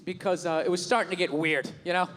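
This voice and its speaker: A man's voice: sits high, fairly even intonation, quick pace, noisy background. A man in his forties doing a profane, ranting stand-up routine in a comedy club with a live audience. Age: 40s. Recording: echoey venue, loud crowd. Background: audience laughter.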